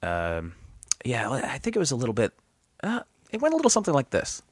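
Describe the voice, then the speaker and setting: A man's voice: medium pitch, brisk. A man from Canada with a Canadian accent, a guest comedian telling stories in casual chat, laughing often and acting out voices. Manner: animated storyteller, laughs often, acts out voices.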